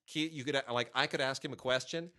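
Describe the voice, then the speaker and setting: A middle-aged man, a film critic, co-hosting a podcast and telling lively anecdotes in casual chat. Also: medium pitch, fairly quick. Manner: lively anecdotal storytelling with laughs and mimicry.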